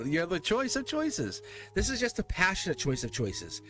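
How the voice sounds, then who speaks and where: Animated, lively-pitched male tarot reader. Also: brisk, faint music behind. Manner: animated, rambling, talks to the cards and laughs. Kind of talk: casual tarot reading to camera.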